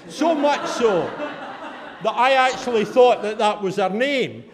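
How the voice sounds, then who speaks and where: Middle-aged Scottish man with a high voice, chatty conference speaker, salty anecdotes. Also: expressive, takes it slowly, crowd noise. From Fife, Scotland. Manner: chatty, anecdotal, swears casually. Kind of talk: humorous storytelling talk.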